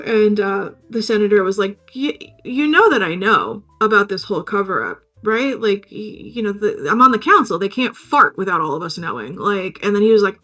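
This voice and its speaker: A woman's voice: medium pitch, lively intonation, normal speed, a bit bright. A woman co-hosting a podcast, casually recapping a film, swearing freely and acting out the characters in silly voices. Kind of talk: casual chat.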